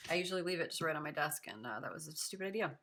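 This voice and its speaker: Bright, gushing woman with a smoky rasp. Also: sits low, lively intonation, fast, a little hiss or hum. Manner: chatty and gushing, many fillers. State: raspy from smoke. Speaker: tarot reader. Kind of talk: casual tarot reading to camera.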